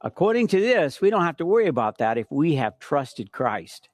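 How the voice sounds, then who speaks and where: A middle-aged man delivers a sermon with a slightly higher voice and a very lively, swinging pitch. He repeats key phrases for emphasis and moves between hushed, earnest moments and forceful ones. The sound is dry and close. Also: normal speed, no room sound. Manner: storytelling preacher, emphatic repetitions, animated swings from soft to loud. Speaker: pastor.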